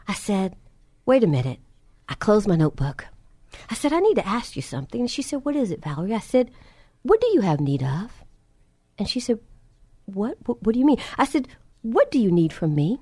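A woman preacher telling a personal testimony in a sermon, acting out both sides of the conversations and dropping soft and low in reverent moments. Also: very animated, moderate pace, long pauses, breathy edge, no echo.

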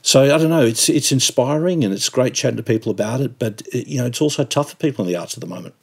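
A middle-aged Australian man with a somewhat husky voice, talking casually as a podcast guest. He tells stories with energy and tends to repeat words as he goes. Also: mid-range voice, fast talker. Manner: animated storyteller, repeats words. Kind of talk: casual chat.

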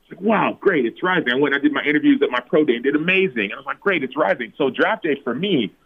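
A man's voice: racing, husky. A man in his thirties, a former pro football player, telling a personal story as a podcast guest and acting out his own past words. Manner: animated, acts out his own past words with big pitch jumps. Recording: phone-like narrow audio.

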